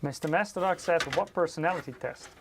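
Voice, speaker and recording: A man's voice: a little high, fast talker, creaky, fairly bright tone. Male stream co-host answering chat, playful and teasing, faint background hiss. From Europe. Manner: laughs often and teases his co-host. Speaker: livestream co-host reading chat questions. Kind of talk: casual livestream chat.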